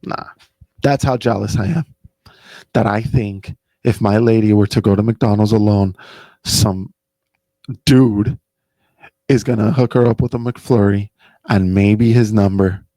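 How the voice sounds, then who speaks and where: A man's voice: lowish voice, fairly even intonation, measured pace, long pauses, warm tone, no room sound. A young man hosting a podcast, rambling casually and profanely, saying "bro" and "dude" constantly. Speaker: podcast host.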